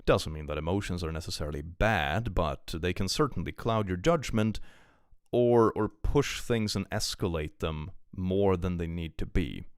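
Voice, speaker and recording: Deep-voiced man ranting on stream. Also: moderate pace, clean tone, no room sound, clean studio sound. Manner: reads posts aloud then rants about them, swears freely. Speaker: streamer reacting to online posts. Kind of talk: casual live-stream commentary.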